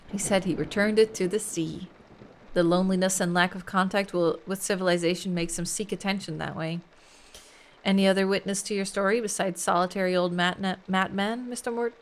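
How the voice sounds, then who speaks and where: A woman's voice: mid-range voice, fairly even intonation, a little fast, lightly acted. A woman voicing a stern male Scottish police inspector who talks down to a suspect, reading game dialogue aloud. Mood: scornful. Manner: scornful, dismissive, threatening.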